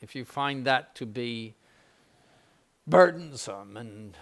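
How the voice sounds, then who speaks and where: An older man, a bishop, gives an informal spiritual conference to seminarians in a medium-pitched voice with lively intonation, speaking slowly and pausing often. He's conversational, restarting frequently, repeating words, and slipping in mild jokes and dry ironic asides.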